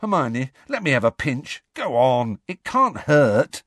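A man voicing an eager teenage schoolboy who talks in a pleading, excitable way. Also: medium pitch, a little slow, dry recording, clean studio sound, pitched above the performer's own voice.

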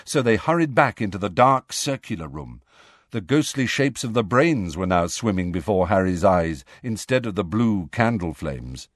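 A man reading a novel aloud as an audiobook narrator, in a measured storytelling manner. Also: fairly low pitch, very animated, dry recording, studio quality. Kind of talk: scripted narration.

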